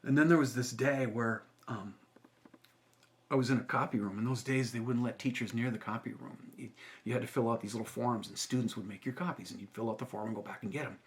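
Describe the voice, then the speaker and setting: A man's voice: mid-range voice, steady tone, fast talker. A middle-aged male teacher telling a personal story to camera in an earnest, reflective way.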